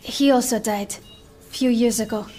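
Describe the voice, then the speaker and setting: An actress playing a shy, gentle young woman who speaks hesitantly. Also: a little high, steady tone. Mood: somber. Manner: hesitant, halting. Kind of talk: game cinematic acting.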